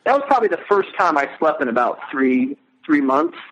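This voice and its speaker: A middle-aged man speaking as an interview guest, earnest and emotional, halting as he recounts. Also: on the high side, very animated, gravelly, highs cut off, a little hiss or hum. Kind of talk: casual interview.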